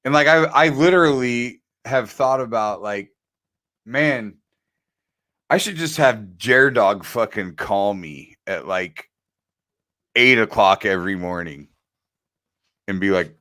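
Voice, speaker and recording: A man's voice: fairly low pitch, slow, long pauses, fairly bright tone, dry recording. A man in his forties co-hosting a podcast, telling candid, profane stories in casual chat. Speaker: podcast co-host.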